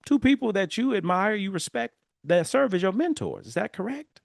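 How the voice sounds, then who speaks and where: A man voicing his own future self as a calm, encouraging male mentor who coaxes him with playful questions. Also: moderate pace, vocal fry, dry recording, studio quality, full character voice. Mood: coaxing. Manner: coaxing, playful, high-pitched questioning.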